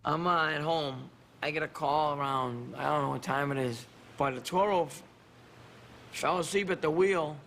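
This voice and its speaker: A man's voice: a little high, normal speed, vocal fry, fairly bright tone, a little hiss or hum. A man casually recounting a story in an interview, rambling and laughing between restarts. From Massachusetts. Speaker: retired boxer interviewed. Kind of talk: casual recollection. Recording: interview with music behind.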